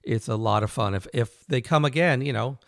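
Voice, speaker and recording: A male host chats easily with a guest and sets up questions with long introductions. His voice sits at a middle pitch, and the recording is dry and close. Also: fairly quick, gravelly, no room sound. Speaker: host, saxophonist. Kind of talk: casual interview chat.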